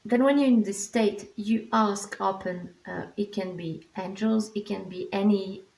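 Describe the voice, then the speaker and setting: Lady calmly explaining energy stuff, bit of vocal fry, echoey room. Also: mid-range voice, unhurried. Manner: calm, reassuring, explanatory, frequent restarts. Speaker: animal communication teacher. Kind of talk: instructional vlog.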